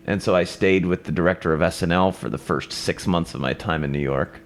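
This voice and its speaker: A man's voice: low-pitched, steady tone, a little fast, few pauses. A man in his twenties from Iowa, an actor telling stories in a casual interview, rambling with restarts and frequent laughs. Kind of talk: casual storytelling.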